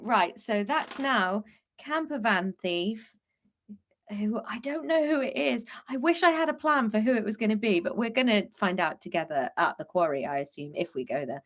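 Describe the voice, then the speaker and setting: A woman's voice: mid-range voice, a bit bright. A woman hosting a live story-writing stream, chatting and giggling as she reads out her story and the chat.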